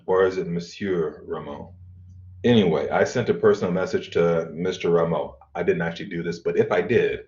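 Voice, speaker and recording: A middle-aged man teaching an online college class, explaining in a relaxed way with fillers and throat clearing. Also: low voice, moderate pace. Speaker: college instructor. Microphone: computer mic on video call. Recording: dull lo-fi video call audio.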